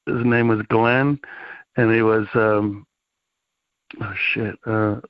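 A man's voice: fairly low pitch, level tone, slow, smooth, no echo. A middle-aged man, a guest in a casual interview, telling rambling, laid-back stories full of fillers and slang. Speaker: interview guest, former wrestling promoter. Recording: slightly dull, dry lo-fi sound.

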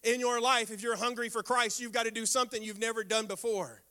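Older man, pastor preaching, animated storytelling, very high bright voice. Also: fairly quick. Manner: animated storytelling with sound effects and prayer. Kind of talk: sermon.

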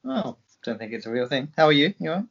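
A man's voice: on the high side, big pitch swings, fast talker, creaky, fairly bright tone, slightly rough, highs cut off. A man co-hosting a podcast in casual chat, sarcastic and teasing, swearing freely. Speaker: podcast co-host.

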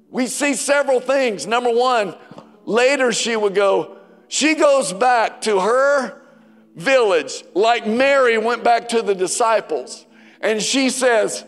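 A pastor preaching in a big sanctuary, his high voice ringing with a long reverb tail. He moves slowly and deliberately, with soft music faintly underneath, rising to loud declarations and dropping to hushed scripture quotes. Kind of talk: sermon. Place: church sanctuary.

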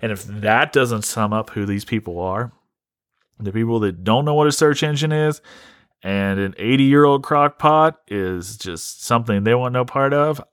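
A man's voice: medium pitch, moderate pace, clear, resonant tone, no echo, clean studio sound. A man hosting a comedy podcast, ranting in a rambling, profane way with many restarts. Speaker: podcast host. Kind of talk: casual comedic rant.

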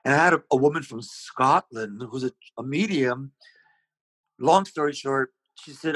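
A man's voice: a little high, normal speed, a bit bright, slightly rough, no echo, poor audio. A man being interviewed, telling long rambling stories about his singing with many restarts. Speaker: interview guest, singer. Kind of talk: casual storytelling.

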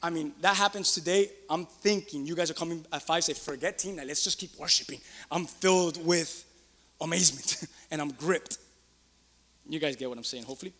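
A man preaching a sermon in church as pastor, excitable, swinging between loud outbursts and quiet asides. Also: on the high side, moderate pace, big-room sound.

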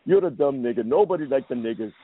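A man's voice: medium pitch, animated, fast, slightly rough, no echo. A man playing a crude, mocking immigrant persona on a chat line prank call, heard over a tinny phone line. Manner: taunting, mocking.

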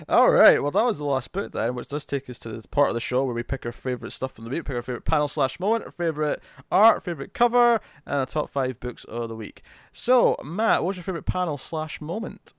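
A man's voice: on the high side, fairly quick, dry recording, clean studio sound. Chatty laughing man hosting. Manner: laughs often, rambling and animated. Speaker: podcast host. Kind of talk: casual chat about comics and movies.

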